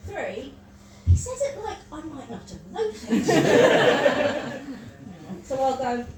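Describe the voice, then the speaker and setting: Woman comic, chatty pub stand-up, slightly high voice, distant roomy live sound. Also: wildly swooping pitch, very noisy. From Wales. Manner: chatty and self-mocking, with quick asides. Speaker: stand-up comedian. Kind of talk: stand-up comedy set. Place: pub comedy gig with a live audience. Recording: roomy live mic from a distance, audience laughter.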